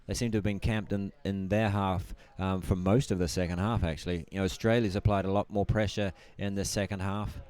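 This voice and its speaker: A man giving colour commentary on a match, hesitant and filling pauses with ums and you-knows. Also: deep voice, steady tone, a little mellow, clear, resonant tone. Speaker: color commentator. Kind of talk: live sports commentary.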